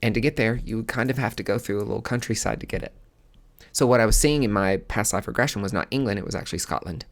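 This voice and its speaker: A male podcast host with a somewhat low voice tells a personal story in a loose, casual way. He speaks candidly and with open emotion, often restarting his sentences. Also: fast. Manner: candid, emotional, given to filler words and restarts.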